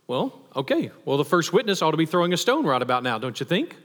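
A man's voice: a little high, big pitch swings, fast, fairly bright tone. A man preaching a sermon in a conversational way, asking rhetorical questions and adding emphatic asides. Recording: long reverb of a hall.

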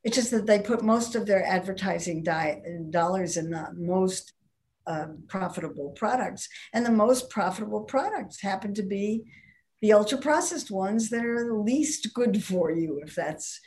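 A woman's voice: mid-range voice, expressive, normal speed, darkish tone. An older woman, a nutrition professor, being interviewed and explaining her views in a wry, emphatic way. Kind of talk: conversational interview.

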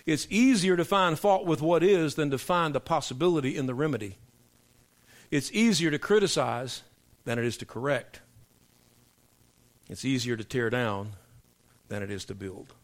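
A middle-aged male pastor preaching a sermon to his congregation, emphatic and preacherly, dropping low for punchlines. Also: moderate pace, long pauses. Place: church sanctuary.

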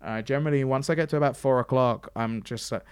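A man telling convention stories in casual chat, acting out quoted lines in a higher voice. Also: quick pace, smooth, dry recording, clean studio sound. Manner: chatty storyteller, acts out quotes in a higher voice. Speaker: podcast host and stage host.

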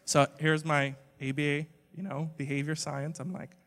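A man with a high voice delivers a funny, animated sermon, jumping from loud bursts to hushed asides. His voice rings out with the long reverb of a church sanctuary. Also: moderate pace, few pauses. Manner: animated, swings from loud exclamations to quiet asides. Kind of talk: humorous sermon. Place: church sanctuary with a live congregation.

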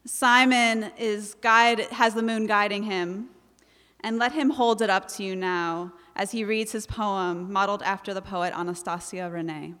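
A woman with a New Jersey accent, a writing teacher introducing a student at a public reading in a measured, reflective way. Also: mid-range voice, fairly even intonation, pushed and bright, a little hiss or hum. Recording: long hall reverb.

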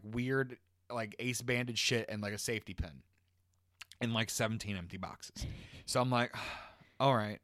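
A man's voice: medium pitch, no room sound, studio quality. A man co-hosting a casual podcast, telling a long story in a rambling, profane way. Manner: profane, rambling, animated retelling. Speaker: podcast co-host.

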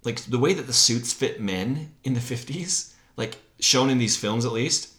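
A man co-hosting a casual film discussion podcast, animated and laughing often as he acts out scenes. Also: medium pitch, moderate pace. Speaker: podcast co-host.

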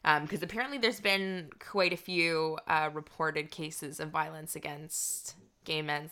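A woman's voice: low voice, steady tone, unhurried, bright, forceful tone, clean tone. A woman comedian co-hosting a podcast, talking casually with lots of fillers and restarts. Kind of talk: casual chat.

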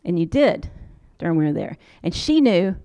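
A woman's voice: fairly low pitch, normal speed. An American woman, a social work professor, telling a travel story in a conversational lecture and acting out the people she quotes. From United States. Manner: conversational storyteller, quoting people in lively voices.

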